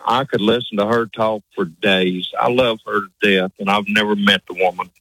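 Male radio caller, lowish husky voice, polite and folksy, dry phone-line sound. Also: fairly even intonation, normal speed, sharp tone, dry recording. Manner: polite, says sir often, folksy.

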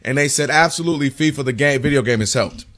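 A man's voice: mid-range voice, quick pace. A man co-hosting a sports talk radio show, talking energetically and taking calls in a studio. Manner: energetic, runs the phone lines.

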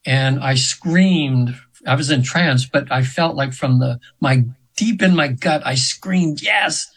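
A man's voice: mid-range voice, slow pace, slightly rough, rough recording. A man in his seventies, a hypnotherapist telling a story as a guest in an interview, earnest and rambling with many restarts. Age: 70s.

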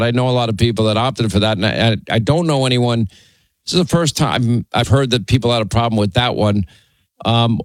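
A man's voice: mid-range voice, no room sound. Talk radio guy in the studio, easygoing rambling chat, dry close mic. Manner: conversational, musing, frequent fillers. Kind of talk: casual radio banter and call-taking. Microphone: studio microphone.

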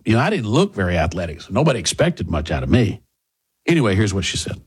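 A man hosting a talk radio show, delivering an indignant monologue full of mocking rhetorical questions, with a husky voice. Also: lowish voice, sing-song, fast.

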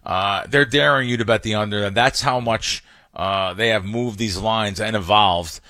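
A man's voice: on the low side, moderate pace, bright, forceful tone, no room sound, studio quality. A man, a professional sports bettor, talking casually on a podcast, often restarting and stumbling over his words as he explains things with emphatic anecdotes.

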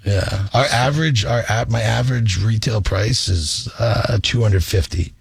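A man's voice: fairly low pitch, unhurried, no echo. A man from New Hampshire, a guest on a radio talk show, easygoing and joking. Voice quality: gravelly, husky. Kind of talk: casual interview chat. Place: radio studio. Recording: dry studio sound.

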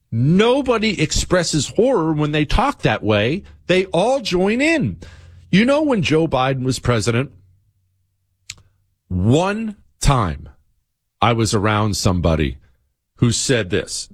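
A man hosts a political talk show with an opinionated monologue. His pitch swings widely as he presses each point, and he often repeats phrases for stress. His voice sounds dry, with no room echo.

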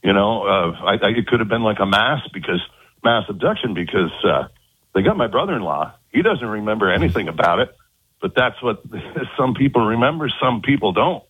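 A man telling of his abduction as an interview guest, halting and repeating words in earnest. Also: fairly low pitch, big pitch swings, husky, dry recording. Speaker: guest recounting an abduction experience. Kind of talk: phone-in interview. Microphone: telephone. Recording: tinny phone line.

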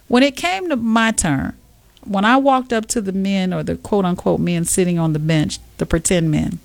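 A woman co-hosting a casual talk show, telling a story with lively acted-out quotes. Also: medium pitch, gravelly, dry recording. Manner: animated storyteller, acts out quotes. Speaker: co-host. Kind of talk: casual chat.

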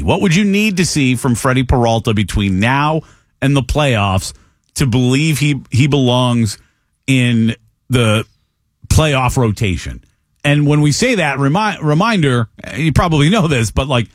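Man, sports radio co-host, animated, lots of filler words, dry close studio sound. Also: medium pitch, no room sound. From from an Italian family. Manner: animated, rambling with many "like" fillers. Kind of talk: casual sports radio talk.

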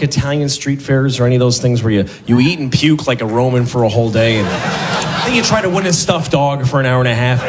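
A man performing stand-up comedy, deadpan and self-mocking, jumping into loud acted voices. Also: mid-range voice, background noise. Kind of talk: stand-up routine.

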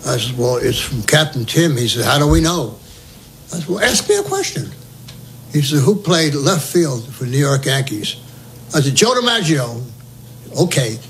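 A man's voice: mid-range voice, moderate pace, a little hiss or hum, rough recording. An older man telling a war story for an oral history recording, humorous, acting out the dialogue. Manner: lively, humorous, acts out dialogue.

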